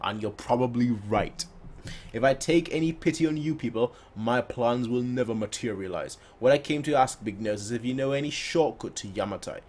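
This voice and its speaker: A cold, ruthless warlord who speaks with quiet menace, as a man reads his lines aloud from a manga. The voice sits at a middling male pitch. It stays close to an everyday speaking voice. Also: normal speed, close to an everyday voice. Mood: menacing. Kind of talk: reading manga dialogue aloud.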